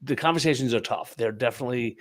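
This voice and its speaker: Male podcast co-host, mid-pitched voice, halting delivery, repeats himself. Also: fairly bright tone. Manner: halting, repeats words often. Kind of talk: casual tech chat.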